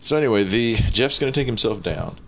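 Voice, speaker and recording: A man's voice: lowish voice, expressive, brisk, gravelly, a bit bright. A man co-hosting a casual chat and cutting in with wry, sarcastic asides. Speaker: podcast co-host. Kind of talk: casual chat recapping a reality show.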